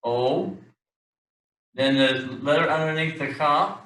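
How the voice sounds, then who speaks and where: Guy teaching a class, bright sharp voice, halting with lots of restarts, sounds far off in an echoey room. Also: a little high. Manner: halting, many restarts and fillers, joking. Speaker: Hebrew teacher. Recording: echoey room, distant mic.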